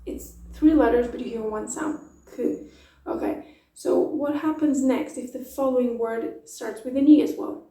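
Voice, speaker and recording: A woman, teaching her language in a YouTube lesson, explaining patiently and acting out example phrases slowly. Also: sits high, mellow, reverberant, far from the mic, rough recording. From Portugal. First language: Portuguese. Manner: explanatory, uses metaphors, demonstrates phrases slowly.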